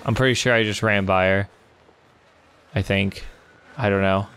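A young man giving let's play commentary on a horror game, excitable and swearing, yelling in panic when chased. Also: lowish voice, normal speed, a little hiss or hum. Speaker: gamer.

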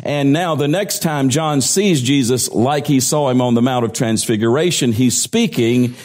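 A pastor preaching, reading scripture aloud and slowing down to stress key phrases. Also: male voice, medium pitch, darkish tone. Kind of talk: sermon.

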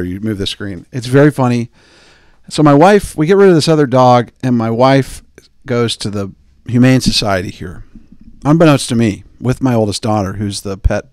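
A man hosting a podcast, telling jokey, digressive stories and slipping into quick impressions of the people he quotes. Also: mid-range voice, lively intonation, darkish tone, dry recording, clean studio sound. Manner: digressive, joking, mimics people in quoted asides. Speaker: podcast host. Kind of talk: rambling comedic podcast chat.

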